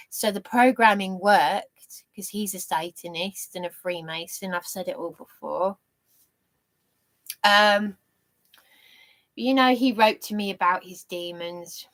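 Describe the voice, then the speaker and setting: A middle-aged woman from England speaks slowly in a meandering personal monologue. She stops and restarts often and leans on fillers. When she turns to faith she grows earnest and fervent. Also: medium pitch. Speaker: vlogger.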